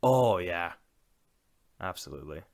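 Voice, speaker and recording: This is a man with a low, deep voice chatting casually about films as a podcast co-host. He is reflective and agreeable, and he often backs up his partner with quick affirmations. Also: expressive, vocal fry, a little mellow. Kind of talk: casual film discussion.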